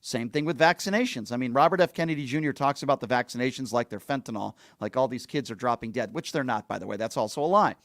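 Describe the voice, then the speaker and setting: A man's voice: medium pitch, fast, hardly any pauses, no echo, clean studio sound. A middle-aged man hosting a show, recounting a story in a blunt, indignant, casual monologue and acting out the lines he quotes. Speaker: host.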